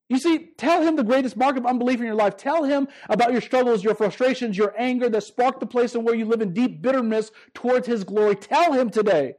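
A man preaching a sermon, emphatic and conversational, repeating phrases and stumbling over restarts, slowing down to stress key lines. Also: very high-pitched, animated. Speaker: pastor.

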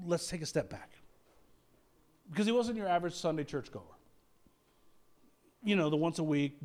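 Pastor guy preaching, high voice, acts out the prayers, jokey. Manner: animated, acts out quoted prayers, self-deprecating humor, frequent laughs. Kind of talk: sermon.

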